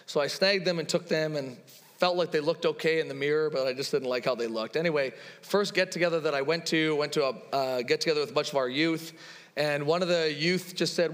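A man in his thirties, a pastor, preaching a sermon in a relaxed, conversational way, telling personal stories with quoted dialogue. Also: fairly high pitch, a little fast, long reverb tail.

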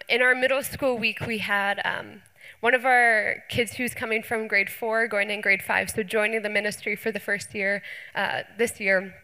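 A woman's voice: medium pitch, sharp tone. A young woman youth pastor sharing testimonies with her church, earnest and enthusiastic, with plenty of fillers. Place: church hall. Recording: church hall reverb.

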